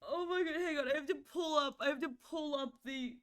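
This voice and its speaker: A woman's voice: sits high, brisk, fairly bright tone. A young woman streaming live, chatting casually with viewers and often stammering, close to tears.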